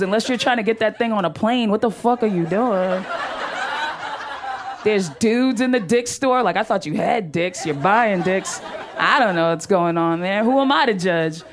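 A woman comedian working a live club crowd with a handheld mic. Her delivery is brash, profane and chatty, with loose storytelling rhythms. The live recording carries a faint background hiss. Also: medium pitch. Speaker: stand-up comedian. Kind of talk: stand-up comedy set. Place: comedy club stage with laughing audience.

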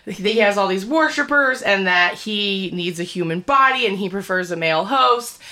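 A woman's voice: mid-range voice, normal speed. A woman casually recapping a horror film in chat, acting out the scenes and swearing freely. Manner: animated storyteller, acts out scenes; swears casually, says "like" often. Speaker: podcast co-host recapping a film.

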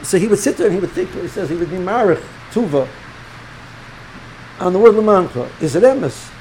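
A middle-aged man with a fairly high voice gives a loose, animated religious lecture, often stumbling over and repeating words as he goes. A faint hiss sits under his speech. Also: fairly quick, poor audio. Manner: animated, repeats and restarts words, sprinkles Hebrew and Yiddish terms. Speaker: rabbi teaching students.

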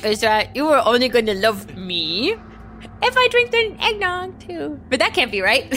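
Woman, comedy podcast co-host; flustered animated improv, fairly high, bright voice. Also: unhurried, a little hiss or hum. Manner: flustered, animated, laughing through scenes.

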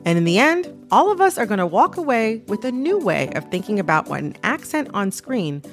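A woman hosting a radio talk show, speaking in a lively, incredulous way. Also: mid-range voice, fairly quick, soft background music. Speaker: host.

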